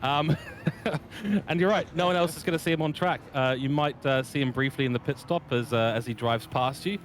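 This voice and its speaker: A man's voice: a little high, normal speed, slight background noise. Easygoing male race commentator. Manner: analytical, easygoing, speaks from driving experience. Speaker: sim racing commentator.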